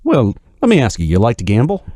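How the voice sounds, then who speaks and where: A man voicing a smug male Satan who pitches the pleasures of hell in a breezy salesman way while telling a joke. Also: wildly swooping pitch, fast talker, warm tone, no room sound, clean studio sound. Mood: smug pitching.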